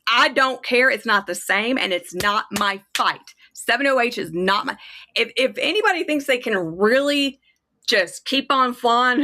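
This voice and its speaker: A woman with a fairly high, bright, forceful voice rants on a livestream as a kratom advocate. The casual chat is angry and profane, and she's clearly worked up.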